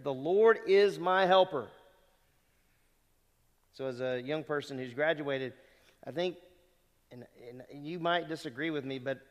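A middle-aged man preaching a sermon to graduating students, earnest and conversational, often asking rhetorical questions. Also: fairly high pitch. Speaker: pastor. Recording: long reverb of a hall.

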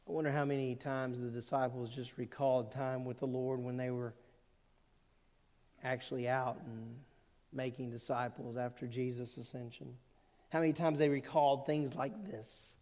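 A man preaching a sermon as pastor, earnest, with emphatic rising peaks and quieter asides. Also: medium pitch, level tone, moderate pace. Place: church sanctuary. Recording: long reverb of a church hall.

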